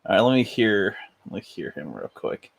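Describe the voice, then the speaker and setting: Gravelly, husky man hosting a stream. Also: lowish voice, very animated, moderate pace. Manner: jokey, self-deprecating about doing voices. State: voice getting strained from doing voices. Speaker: channel host. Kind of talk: casual chat on a live stream.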